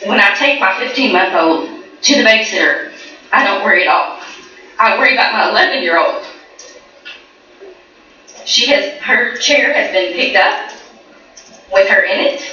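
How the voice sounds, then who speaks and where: A mother in her thirties pleads with a school board, earnest and emotional, her voice bright and pressing. She is caught by a distant mic in a very echoey hall, and the sound is dull. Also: lowish voice. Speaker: parent speaking at a school board meeting. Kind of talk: public comment at a meeting. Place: large meeting room.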